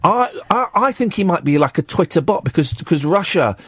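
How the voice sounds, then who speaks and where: Male late-night radio host, chatty and rambling, lively pitch, dry studio sound. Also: breathy edge, dry recording. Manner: rambling, halting with many fillers and restarts. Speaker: radio talk show host. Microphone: studio microphone.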